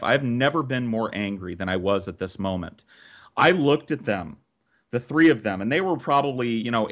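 A man's voice: medium pitch, a bit bright. A man telling a childhood story on a podcast in casual, profanity-laced chat.

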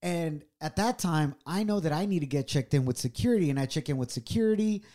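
Man, podcast co-host, mellow earnest storyteller, reflective. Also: lively intonation, brisk. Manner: earnest, reflective, swings from low and quiet to raised. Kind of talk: personal storytelling on a couple's podcast.

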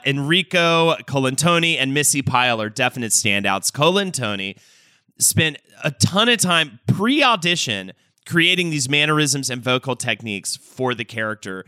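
A man co-hosting a casual podcast, recounting film trivia in a relaxed way with lots of fillers. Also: mid-range voice, clear, resonant tone, no echo, studio quality. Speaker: podcast co-host.

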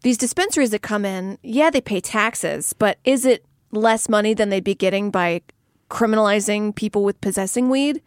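A woman's voice: mid-range voice, normal speed, no echo, clean studio sound. A woman co-hosting a podcast, chatting casually in a reflective, candid way with the odd swear word. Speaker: podcast co-host. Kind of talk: casual chat.

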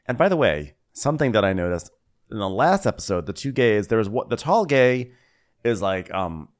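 Low-voiced man rambling through a recap. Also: big pitch swings, moderate pace. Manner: rambling, profane, self-correcting. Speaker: podcast co-host. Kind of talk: casual comedic recap.

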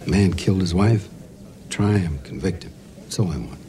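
Gruff, blunt DA in a TV drama, played by a man. Terse delivery, very low voice. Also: normal speed, warm tone, natural voice. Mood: stern. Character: blunt older male district attorney, gruff. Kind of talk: TV drama acting.

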